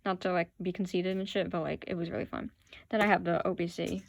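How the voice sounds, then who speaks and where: A woman's voice: on the low side, level tone, fast talker, creaky, dry recording. A woman chatting casually into her phone, gushing with fan enthusiasm as she shows off her collection. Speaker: vlogger showing her playbill collection. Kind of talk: casual chat to camera.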